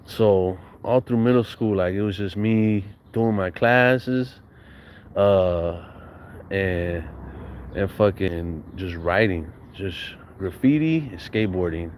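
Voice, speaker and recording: A young man with a fairly low voice tells stories from his youth in loose, slangy talk full of swearing. He acts out what people said to him. A faint hum sits under the recording. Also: slow pace. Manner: slangy, profane, laughs often, acts out quotes. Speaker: storyteller recounting his youth. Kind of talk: casual storytelling monologue.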